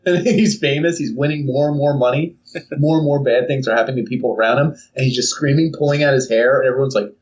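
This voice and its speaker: A man's voice: medium pitch, fast talker. A young man co-hosting a casual podcast, rambling through a story and acting out silly voices. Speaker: podcast co-host. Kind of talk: casual chat. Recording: distant, dull lo-fi mic.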